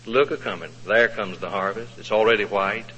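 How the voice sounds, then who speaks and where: A male preacher voicing a calm, gentle teacher who speaks softly and soothingly, in an echoey, lo-fi recording. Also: normal speed, husky. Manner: soft, soothing, low. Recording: echoey hall, dull lo-fi sound.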